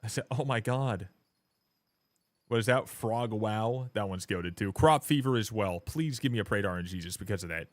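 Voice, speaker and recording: A man streaming a game live, chatting casually and rambling, swearing often and getting loud and hyped when thanking viewers. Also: lowish voice, moderate pace, dry recording. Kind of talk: casual live-stream chat while gaming.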